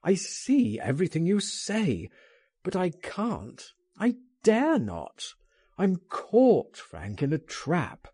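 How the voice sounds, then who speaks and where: A man's voice: high-pitched, wildly swooping pitch, slow, dark tone, husky, no echo, clean studio sound, pitched above the performer's own voice, exaggerated voice. A man voicing a despairing man pleading in fear. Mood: anguished. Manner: pleading, trembling. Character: frightened despairing man dreading arrest. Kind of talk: audiobook character voice.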